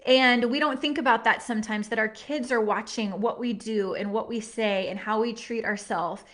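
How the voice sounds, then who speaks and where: A woman in her thirties leads a live workshop, her high voice earnest and heartfelt. She talks in a chatty, encouraging way and leans on casual fillers as she goes. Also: steady tone, moderate pace, a bit bright. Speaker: workshop host and nutrition coach.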